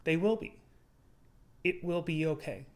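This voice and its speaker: Young man, vlogger, earnest motivational talk, measured, slightly high voice. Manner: earnest, measured, slowing on key words. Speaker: YouTuber. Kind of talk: motivational vlog monologue.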